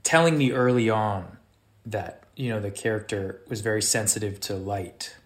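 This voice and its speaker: A man, an actor, talking casually in conversation, halting and searching for words with many restarts. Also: on the low side. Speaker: actor guest.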